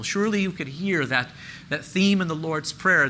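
Earnest preaching man, very bright voice. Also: fairly high pitch, moderate pace, slight background noise, low-quality recording. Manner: earnest, rising emphatic preaching with repeated phrases. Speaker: pastor. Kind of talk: sermon.

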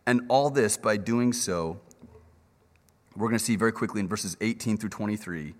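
A man preaching a sermon, animated and acting out the characters' lines in little voices. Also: on the low side, moderate pace. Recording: reverberant hall.

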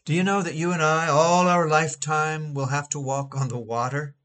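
A man's voice: a little high, fairly even intonation, normal speed, fairly bright tone. A man reading a sermon aloud in a dramatic, emphatic oratorical manner, drawing out key phrases. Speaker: preacher.

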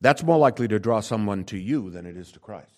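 A man preaching a sermon, emphatic, with wide swings between loud and soft and frequent rhetorical questions to the congregation. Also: on the low side, animated, fast. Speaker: pastor.

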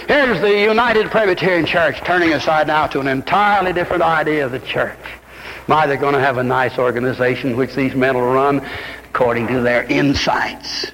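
Recorded as an old radio broadcast, an older pastor preaches an impassioned sermon from a church pulpit, rising to high exclamations. His voice is a bit bright at a moderate pace, and the rough recording has a big-room sound.

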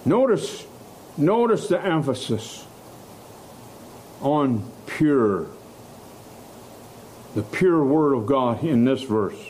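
A man preaching a sermon, slow and emphatic, stressing key words and letting out short laughs. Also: mid-range voice, very animated, darkish tone, a little hiss or hum.

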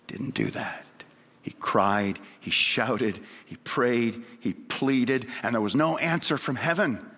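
A man preaching a sermon with great passion, swinging from loud, high pleading lines to low, hushed ones. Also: slow. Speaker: pastor. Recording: reverberant hall.

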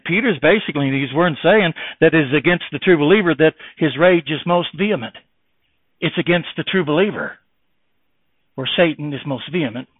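A male pastor preaching an impassioned sermon, firing rhetorical questions and quoting old scripture phrasing. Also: no room sound. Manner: impassioned preaching, swinging from loud exhortation to low earnest tones. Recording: dry, tinny phone-like sound.

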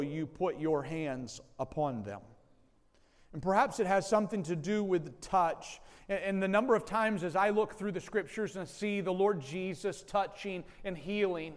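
High-voiced preaching man in a reverberant hall. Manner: slow, deliberate preaching with pauses and emphatic phrases. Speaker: pastor. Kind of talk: sermon.

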